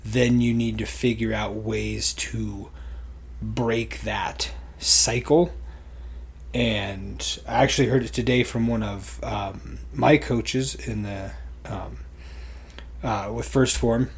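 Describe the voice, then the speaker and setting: Man, husky voice, relaxed, rambling, casual podcast chat. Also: fairly low pitch, slow. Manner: relaxed and rambling, with lots of fillers. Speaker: podcast co-host.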